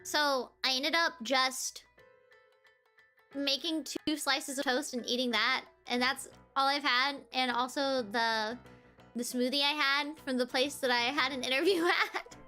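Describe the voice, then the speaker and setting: Bubbly high-voiced young woman streamer. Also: steady tone, measured pace, bright, forceful tone, faint music behind. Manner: giggly, chatty, bubbly. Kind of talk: casual chat.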